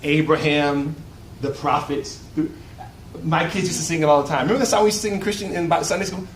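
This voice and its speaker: Animated preacher man in an echoey hall. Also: a little high, fast talker, slight background noise. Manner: animated, rhetorical call-and-response preaching. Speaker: pastor. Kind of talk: sermon at a luncheon. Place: event hall. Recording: echoey room, voice from far off.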